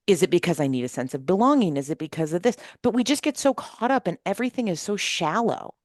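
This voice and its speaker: A woman's voice: fairly low pitch, a little fast, dry recording, studio quality. A woman on a podcast panel speaking emphatically about her team, acting out what people say. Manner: emphatic, animated, quotes people in dialogue. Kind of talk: casual panel discussion.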